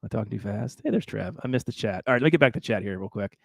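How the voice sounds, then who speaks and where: A man's voice: lowish voice, lively intonation, very fast, gravelly, dry recording, studio quality. A man hosting a casual livestream, talking in a chatty, rambling way with laughs and repeated words. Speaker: livestream host.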